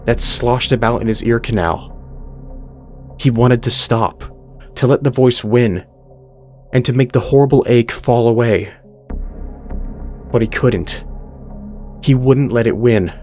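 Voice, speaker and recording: A man reading a horror story aloud as the channel's narrator, in a slow, deliberate delivery. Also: mid-range voice, a little mellow. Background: faint music.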